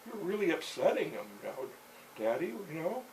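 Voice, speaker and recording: A man voicing an excitable, defiant young girl who talks in a high, urgent voice. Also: moderate pace, poor audio. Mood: earnest. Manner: high shouting, breathless urgency. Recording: voice set back from the mic, faint background hiss.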